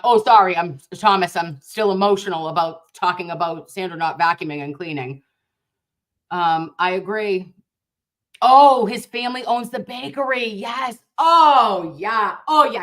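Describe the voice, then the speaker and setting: A woman's voice: medium pitch, a bit bright. Fiery, blunt-talking woman streamer. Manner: passionate and outraged. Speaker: livestream host and nurse. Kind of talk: casual livestream chat reading viewer comments.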